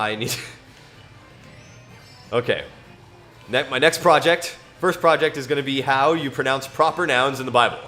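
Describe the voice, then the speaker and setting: Playing a racing game, a man talks to himself, amused and laughing a lot, and breaks off now and then to read scripture aloud. His voice has a medium pitch and a bright, forceful tone.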